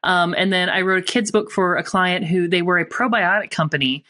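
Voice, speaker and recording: A woman from Tennessee with a neutral, mid-Atlantic-leaning accent, chatting as a podcast guest, animated and quick to laugh. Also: lowish voice. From Tennessee, USA. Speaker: guest, copywriter and author. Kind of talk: casual podcast conversation.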